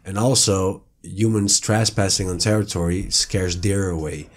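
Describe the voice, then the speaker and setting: A man who is a guest on a podcast, talking in laid-back casual chat and telling animated stories. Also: low voice, measured pace. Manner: laid-back, says "bro", animated storytelling.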